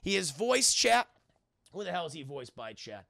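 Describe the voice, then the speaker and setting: A man's voice: a little high, very animated, normal speed, creaky, bright, forceful tone, no room sound, studio quality. A man giving a casual, profane film review on stream, constantly addressing his chat.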